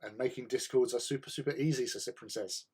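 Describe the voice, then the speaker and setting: A man hosting a casual hobby livestream, chatting in a relaxed way and answering viewers' chat while he paints. He often repeats words as he thinks. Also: medium pitch, quick pace, husky. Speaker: livestream host.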